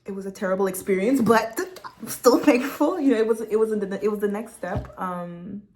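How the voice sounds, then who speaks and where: A woman's voice: medium pitch, fairly even intonation, brisk, a little mellow. A young woman from Quebec, a vlogger sitting at home at her laptop, telling a personal testimony in a candid, heartfelt and chatty way. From Quebec, Canada.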